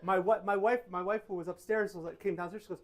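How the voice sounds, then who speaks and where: A man giving casual Q&A answers to a live audience, telling animated stories and correcting himself as he goes. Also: sits high, fast. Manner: animated storytelling, self-correcting. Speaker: tax advisor speaker. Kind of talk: casual Q&A talk.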